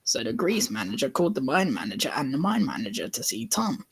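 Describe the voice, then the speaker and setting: A man's voice: medium pitch, creaky, breathy edge. A man reading a garbled storybook aloud for laughs, chuckling at the odd wording. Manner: slow, lively reading with bursts of laughter. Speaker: YouTuber reading a comic mistranslation. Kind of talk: comedic storybook narration.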